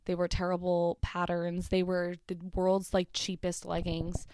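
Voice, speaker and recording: A woman's voice: lowish voice, completely flat delivery, unhurried, a little mellow, clean tone, no echo. Blunt, sweary woman with a dry voice. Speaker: vlogger. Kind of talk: casual reaction commentary reading messages aloud.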